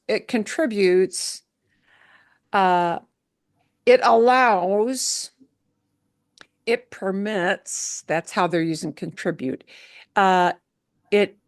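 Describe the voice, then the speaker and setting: A woman's voice: medium pitch, dry recording, studio quality. A woman teaching a Spanish lesson, explaining words patiently and checking in with her listeners as she goes. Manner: patient, checks in with "yeah?" and "okay?".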